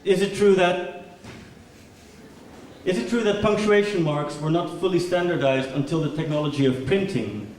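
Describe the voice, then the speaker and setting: A man's voice: high-pitched, moderate pace, pauses often, darkish tone. A man giving a performative lecture made entirely of questions, his intonation rising at each one. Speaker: performance speaker. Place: large lecture hall. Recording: echoey hall from far off, faint noise.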